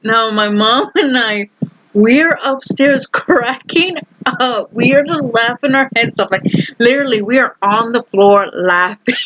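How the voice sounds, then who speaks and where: A woman's voice: on the high side, fairly bright tone, a little hiss or hum, poor audio. A young adult woman vlogger telling a family story in a casual, rambling, amused way.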